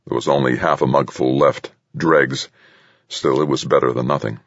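A man narrating a thriller audiobook in a steady, measured way. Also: rumbling low, creaky, dry recording, muffled recording. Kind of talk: scripted narration.

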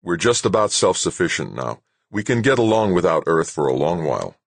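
A man's voice: deep voice, sing-song, a little fast, creaky, husky, no echo, heavily acted. A man voicing a tense male base commander who gives firm, clipped replies in an audiobook. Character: tense male moonbase chief.

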